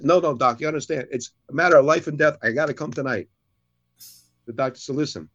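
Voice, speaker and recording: A man telling jokes casually on a show he co-hosts. He tells them in an animated way, raising his voice for each character's lines. The sound is dull and lo-fi. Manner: animated storyteller, jumps higher for characters' lines.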